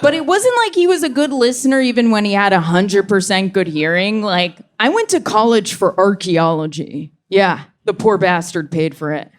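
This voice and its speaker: Young woman doing deadpan stand-up. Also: medium pitch. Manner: deadpan punchlines, acts out characters in quick voices. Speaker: stand-up comedian. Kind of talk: stand-up comedy set. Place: comedy club stage before a live audience.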